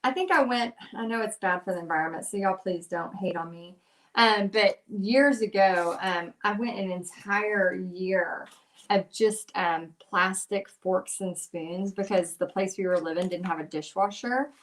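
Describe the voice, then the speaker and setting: A woman's voice: mid-range voice, a little slow. A middle-aged woman, chatty and giggly, rambling through a casual craft demo as the channel's host.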